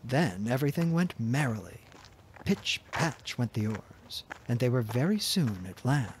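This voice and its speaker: A man narrating a fairy tale in a soft, gentle, expressive reading voice. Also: mid-range voice, a little slow, noisy background. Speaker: storyteller.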